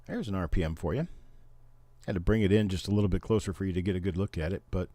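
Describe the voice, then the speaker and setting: Talking fast in a deep, mellow voice, a middle-aged man runs a casual livestream where he chats and explains things for viewers. He comes from Missouri, Oklahoma and Memphis, Tennessee. There's no room sound on the recording.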